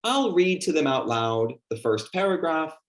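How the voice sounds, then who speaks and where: A man's voice: fairly high pitch, very animated, normal speed. A man giving a teacher training workshop, speaking conversationally and acting out the questions he asks his class. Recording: echoey room.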